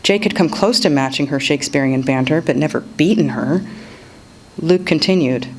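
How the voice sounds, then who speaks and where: A woman reading an excerpt of her own novel aloud in a measured storytelling manner. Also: low-pitched, a little hiss or hum, rough recording. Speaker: author reading her work.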